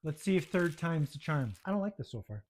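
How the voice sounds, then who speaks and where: A man's voice: on the high side, big pitch swings, brisk, darkish tone. A man narrating his own home baking video, muttering to himself with self-deprecating exasperation as things go wrong in his kitchen.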